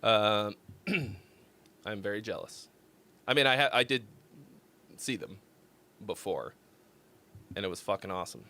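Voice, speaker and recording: A man's voice: lowish voice, animated, measured pace, long pauses, pushed and bright. A man hosting a casual music critique livestream, rambling and laughing as he thinks aloud. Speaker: host.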